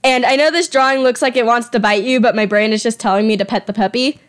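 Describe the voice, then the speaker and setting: Her pitch is fairly high and she speaks quickly. At home with her drawing, a young woman presents the fan creatures she designed, chatting casually, putting herself down a little, and sometimes fumbling her words.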